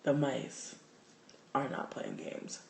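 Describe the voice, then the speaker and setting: A man hosting a livestream, telling a story in casual, profane, animated talk. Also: mid-range voice, slow, creaky, reverberant, a little hiss or hum. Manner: animated, profane, gets loud and excited. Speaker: livestream host.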